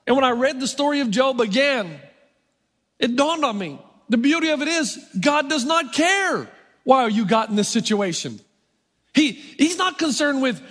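A middle-aged male pastor delivers a sermon in a strikingly high voice. He keeps it conversational, poking fun at himself between points. The sound carries the long, ringing reverb of a church sanctuary. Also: lively intonation, moderate pace, fairly bright tone. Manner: conversational, self-mocking humor.

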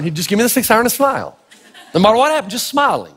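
Male pastor, high husky voice, lively storytelling sermon, long hall reverb. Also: rapid-fire, noisy background. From Tennessee. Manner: animated, acts out voices in stories.

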